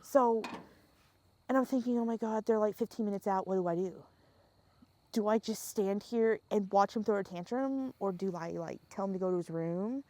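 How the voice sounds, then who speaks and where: A young woman telling a story in casual podcast chat, animated and laughing often, swearing freely and acting out the scenes. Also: medium pitch, moderate pace, no room sound.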